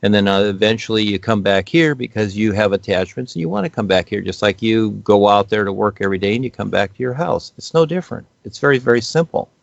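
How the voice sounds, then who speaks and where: Male guest speaker, low gravelly voice, unscripted and rambling, dull lo-fi recording. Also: quick pace, hardly any pauses, dry recording. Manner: rambling, many fillers and restarts. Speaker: guest speaker on spiritual topics. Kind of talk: unscripted spiritual explanation.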